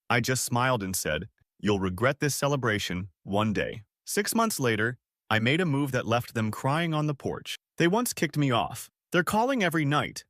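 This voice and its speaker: A man's voice: fairly low pitch, expressive, moderate pace, fairly bright tone, no room sound, clean studio sound. A man in his twenties narrating his own story in a casual, slangy first-person style. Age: 20s. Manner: casual, slangy, spelled-out abbreviations.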